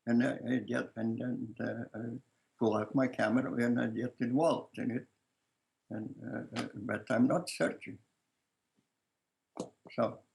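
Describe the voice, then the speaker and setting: An older man with a strong Lithuanian accent, a filmmaker answering interview questions in a halting way, searching for words and often restarting, with soft laughs. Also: medium pitch, steady tone, gravelly, low-quality recording. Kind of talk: casual conversation.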